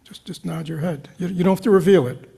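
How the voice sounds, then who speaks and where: A man teaching meditation gives a dharma talk to a live retreat group in a meditation hall, speaking fast in a high, gravelly, husky voice. He keeps questioning his listeners, engaging them with repeated "right?" and "you know," and often drops to a soft whisper.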